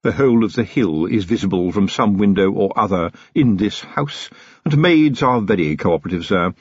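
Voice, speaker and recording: A man's voice: lowish voice, animated, moderate pace, darkish tone, slightly rough, no room sound, muffled recording. Man putting on a cheeky, knowing manservant. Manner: blunt, knowing, chatty. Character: shrewd cheeky male manservant, middle-aged.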